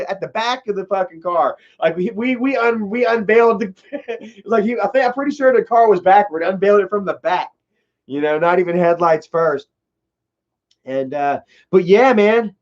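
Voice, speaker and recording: A man telling a family story on a livestream, rambling and swearing, with many fillers. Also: fairly high pitch. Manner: profane, rambling, heavy fillers. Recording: dull lo-fi livestream audio.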